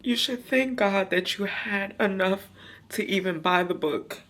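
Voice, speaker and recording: A woman quoting her mother, a calm, comforting voice on the phone. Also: medium pitch, measured pace, pitched above the performer's own voice. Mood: reassuring.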